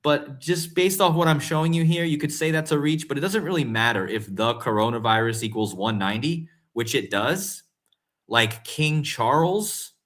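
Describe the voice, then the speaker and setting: A man hosting casual conspiracy commentary, talking straight to his viewers and growing excitable and incredulous. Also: on the high side, moderate pace. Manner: excitable, rising to incredulous emphasis; talks to viewers directly, often calling them guys and folks. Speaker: host.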